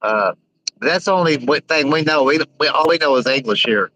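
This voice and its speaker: A man's voice: a little high, expressive, normal speed, sharp tone, rough recording. A man hosting a casual live stream, reading viewer comments aloud and answering in a rambling, blunt, joking way. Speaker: livestream host reading chat.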